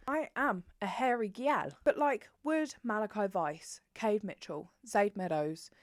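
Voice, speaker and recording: A young woman vlogging about books in a frank, sweary, animated casual chat to the camera. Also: mid-range voice, dry recording, studio quality. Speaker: book vlogger.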